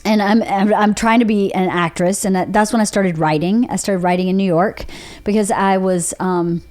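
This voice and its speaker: A woman's voice: mid-range voice, fairly even intonation, moderate pace, a little mellow, soft background music. A woman from Georgia with a Southern accent, hosting a podcast and telling her own story in a candid, rambling way, with restarts. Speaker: podcast host. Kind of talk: casual chat.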